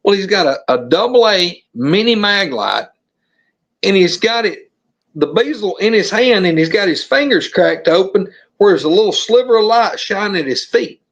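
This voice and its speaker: High-voiced Southern storyteller man. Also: normal speed, highs cut off. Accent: Southern American. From Alabama, USA. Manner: animated, acts out the scenes. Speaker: podcast guest. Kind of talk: storytelling in a podcast interview.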